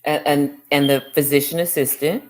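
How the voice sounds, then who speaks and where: Very low-voiced woman teacher. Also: steady tone, a little mellow. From United States. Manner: repeats answers slowly, many mm-hmms. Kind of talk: class review of chapter questions.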